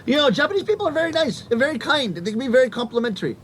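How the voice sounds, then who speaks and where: High-pitched guy around 50 doing comic stories for a crowd, animated, acts out the bits. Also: racing, a little hiss or hum. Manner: animated, acts out voices and punchlines. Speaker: rakugo comedian. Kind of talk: stand-up storytelling to a live audience.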